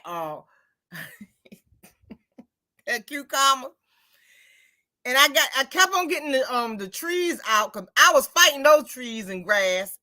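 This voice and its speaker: A woman talks in a relaxed, chatty way, spinning everyday stories. Her voice sits high and bright. She slips into quoted dialogue as she retells what people said. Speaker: host. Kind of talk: casual chat.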